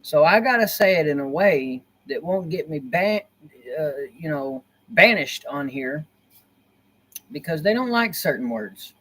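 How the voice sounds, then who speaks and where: A man's voice: fairly high pitch, lively intonation, measured pace, a bit bright. Rambling man livestreaming from his laptop. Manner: rambling, repeats himself; earnest, conspiratorial. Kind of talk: casual livestream talk. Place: dim cozy corner of a room. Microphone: laptop built-in mic.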